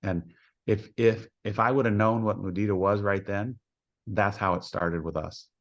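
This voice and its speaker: A man with a very deep voice tells stories as a podcast guest, in a folksy, homespun way. He acts out the dialogue in his anecdotes as he goes. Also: steady tone, normal speed, dull audio. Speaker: head softball coach, podcast guest. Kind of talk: storytelling in a podcast interview.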